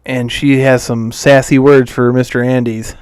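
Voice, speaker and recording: Podcast co-host, man, mid-pitch, smooth voice, casual movie recap with quoted lines, dry close sound. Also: little pitch movement, darkish tone, no echo. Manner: retells scenes acting out the lines in quick quotes.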